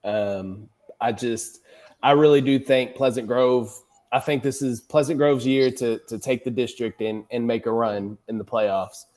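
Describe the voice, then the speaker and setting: A mid-pitched man sits on a sports panel and talks football picks in a relaxed, confident way. He likes to tease his co-hosts about their choices. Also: a little slow. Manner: confident, teasing pick predictions. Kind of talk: casual sports chat.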